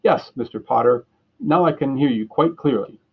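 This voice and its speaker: A fussy, mishearing city clerk, put on by a man reading aloud, asking questions in a high, bright voice. The voice is husky and the recording is dull and lo-fi. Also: normal speed. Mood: officious. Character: flustered, earnest male phone clerk at city hall.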